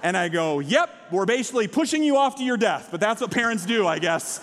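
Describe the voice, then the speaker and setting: A man preaches a sermon from a church stage. His voice sits high, and he acts out the people in his stories. The sound carries a long hall reverb. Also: brisk. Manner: animated storytelling with quoted voices. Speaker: pastor. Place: church sanctuary.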